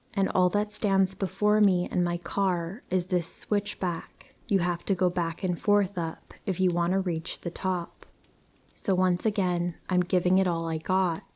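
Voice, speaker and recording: A woman reading true horror stories aloud in a soft, hushed storytelling voice that often drops to a whisper. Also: lowish voice. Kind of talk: scripted narration of listener stories.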